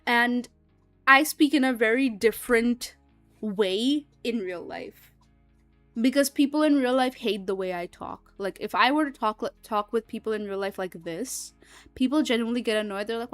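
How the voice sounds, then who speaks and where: A woman's voice: a little high, measured pace, dry recording, faint music behind. A young woman streaming, chatting casually and rambling with lots of fillers and frequent laughs. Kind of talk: casual livestream chat.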